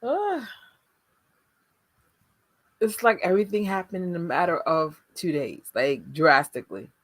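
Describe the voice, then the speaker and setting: A woman co-hosting a live watch party, reacting in an animated casual way. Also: on the low side, measured pace. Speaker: livestream co-host.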